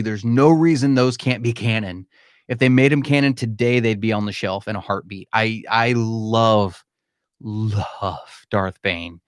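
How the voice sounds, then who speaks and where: A man's voice: medium pitch, no room sound, studio quality. A man hosting a live-stream Q&A from his home, talking candidly and emphatically and calling listeners "man". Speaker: podcast host. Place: home room.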